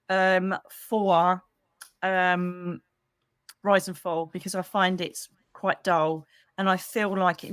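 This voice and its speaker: A middle-aged woman with a British accent, a psychic medium hosting a casual livestream for members, chatty and animated with quick asides, speaking into a computer mic. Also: medium pitch, no echo, clean studio sound. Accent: British English. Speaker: psychic medium and channel host.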